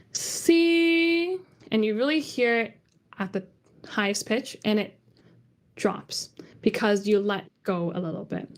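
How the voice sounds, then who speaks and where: Chatty woman teaching tones online. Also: medium pitch. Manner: chatty, demonstrates tones by singing them out. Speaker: Cantonese teacher. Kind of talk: online language lesson.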